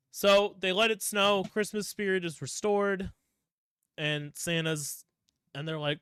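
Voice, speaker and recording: A young man co-hosting a podcast, telling a story casually with lots of swearing and quick put-on voices for the characters. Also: sits high, clear, resonant tone, no echo, clean studio sound. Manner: animated, profane storytelling, acting out characters in voices. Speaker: podcast co-host. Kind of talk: casual chat.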